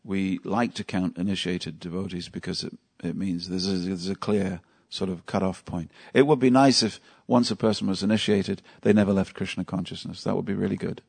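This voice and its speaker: Brisk and with few pauses, his low voice is steady, gravelly, darkish and slightly rough. At the temple he leads a devotional class, telling stories in a conversational manner and asking those present questions.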